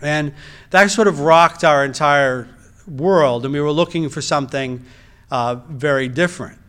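A man's voice: a little high, unhurried, fairly bright tone, clear, resonant tone. A middle-aged man, a reproductive endocrinologist, giving a personal testimony in a conversational storytelling way, with wry asides and frequent restarts.

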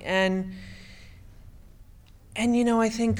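A middle-aged woman from the United States recounts her own story as a testimony. She speaks haltingly, stammering and restarting her phrases. Her voice sits at an ordinary middle pitch for a woman. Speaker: speaker giving personal testimony. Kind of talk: emotional personal testimony.

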